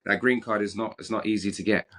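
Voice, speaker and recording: A British man with a very low voice talks openly in an interview. He is animated and frank, and he often repeats his opening words before he finishes a thought. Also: fast talker. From Britain. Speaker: actor, guest. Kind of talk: candid interview conversation.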